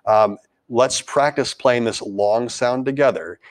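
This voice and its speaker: A man's voice: medium pitch, slow pace, dry recording. A man teaching a beginner band lesson, explaining tonguing and foot tapping and counting rhythm syllables aloud. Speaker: music teacher.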